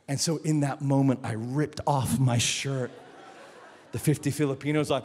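A middle-aged man, preaching a sermon as a pastor. He tells stories in a lively, animated way and acts out other people's voices. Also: mid-range voice, brisk, big-room sound, a little hiss or hum.

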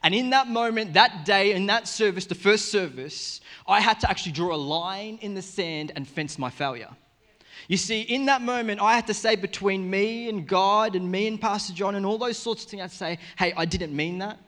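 An Australian man preaching a sermon to a congregation, joking and telling stories with sudden swings between loud and soft. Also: sits high, moderate pace. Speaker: pastor. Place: church service in front of a congregation.

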